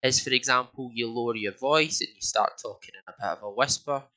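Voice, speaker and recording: A man's voice: medium pitch, a little fast, bright, forceful tone, low-quality recording. A young Scottish man co-hosting a casual podcast, rambling with many fillers and restarts. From Scotland. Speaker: podcast co-host. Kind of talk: casual chat.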